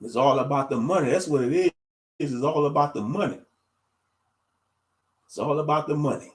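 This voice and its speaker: A man's voice: on the high side, normal speed. A man giving casual livestream commentary in a blunt, rambling way, repeating his phrases.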